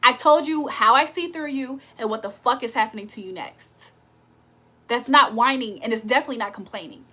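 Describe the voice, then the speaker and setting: A woman's voice: on the high side, brisk, pushed and bright. A woman hosting a casual livestream, talking bluntly and confrontationally with plenty of profanity. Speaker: livestream host.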